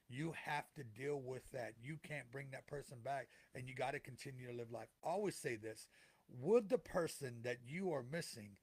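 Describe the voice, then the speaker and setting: A man's voice: medium pitch, breathy edge. A middle-aged man talking earnestly to listeners as a podcast co-host, repeating phrases for emphasis in a heartfelt motivational way.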